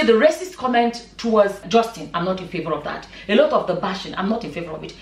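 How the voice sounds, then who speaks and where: A woman vlogger and mother giving her opinion in a passionate, emphatic way, repeating points for stress. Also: medium pitch. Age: adult, a mother. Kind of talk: opinion vlog commentary. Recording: echoey room, mic at a distance.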